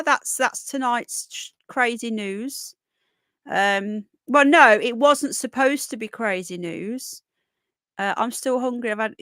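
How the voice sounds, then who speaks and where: A woman's voice: a little high, a bit bright, no room sound, clean studio sound. Chatty British woman hosting a livestream. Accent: British English. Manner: chatty, rambling, talks to chat viewers by name. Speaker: livestream host. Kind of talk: casual live chat reading comments.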